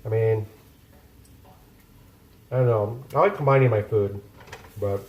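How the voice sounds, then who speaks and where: In an echoey home kitchen, this man cooks while chatting loosely with his stream's live chat, wandering off topic and making fun of himself. He speaks in a lowish, unhurried voice with a slightly mellow quality.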